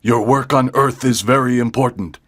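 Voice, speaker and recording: A man plays a commanding alien leader who barks urgent orders from a video screen in a storybook audio drama. His voice is husky and rough-edged, and the sound is close and dry. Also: mid-range voice, moderate pace, fairly bright tone, no echo, lightly acted. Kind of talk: graded-reader audiobook drama.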